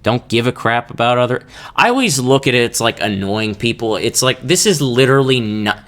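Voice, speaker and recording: A young podcast host from Kansas rambles and jokes through a casual solo show, laughing between thoughts. His mid-range voice is expressive, fairly quick, and a bit bright.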